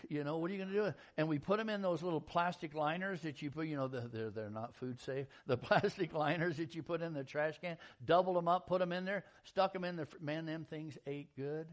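A man preaching a sermon in a folksy, animated storytelling style, acting out quotes and jokes. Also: on the high side, brisk, few pauses. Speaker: pastor.

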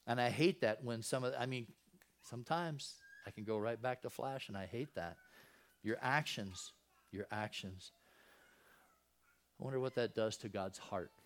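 A man's voice: medium pitch, normal speed, pauses often. A man giving a casual Bible teaching in a folksy, conversational way, often asking his listeners rhetorical questions. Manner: folksy, repeats and restarts phrases. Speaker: Christian preacher.

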